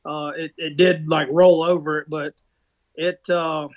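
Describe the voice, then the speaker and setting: A man's voice: on the high side, little pitch movement, a little slow, lo-fi sound. A man co-hosting a casual podcast, retelling a race crash in a rambling way full of restarts and fillers. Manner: rambling storytelling with many restarts. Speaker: podcast co-host and rock racer.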